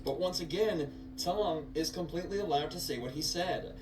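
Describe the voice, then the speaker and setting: A man reading a scripted narration that explains the law step by step. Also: on the high side. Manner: explanatory, measured legal breakdown. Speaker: video narrator. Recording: echoey distant voice-over with background hum.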